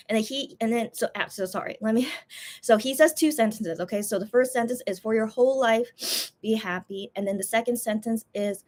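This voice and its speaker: A young woman chatting casually on a livestream, rambling with many fillers and restarts as she talks emotionally about a concert. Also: mid-range voice. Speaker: livestream host. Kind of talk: casual chat.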